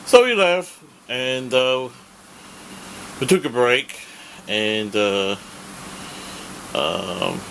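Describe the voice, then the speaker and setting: A man's voice: medium pitch, expressive, extremely slow, long pauses, fairly bright tone, slight background noise. A man rambling through a casual vlog, full of fillers and restarts, swearing when annoyed. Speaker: vlogger.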